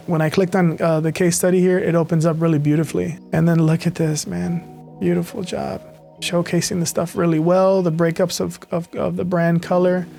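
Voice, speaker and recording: A man with a slightly raised voice talks through websites in casual, excited commentary. He rambles and cuts himself off mid-sentence, with faint music underneath. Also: high voice, gravelly. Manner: enthusiastic, rambling, self-interrupting. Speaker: web designer reviewing sites. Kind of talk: casual screen-share commentary.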